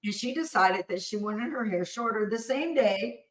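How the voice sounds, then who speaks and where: A woman's voice: medium pitch, moderate pace. Echoey-voiced woman telling family stories. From Texas. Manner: animated, acts out family dialogue. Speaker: entrepreneur guest. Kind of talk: casual interview storytelling. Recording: echoey room.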